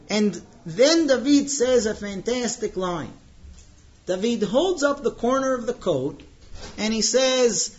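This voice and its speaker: A high-voiced man teaches a Torah lesson, telling the story dramatically and drawing out the tense moments. The recording sounds dull and lo-fi. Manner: dramatic storyteller, slows down for tension. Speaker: religious teacher.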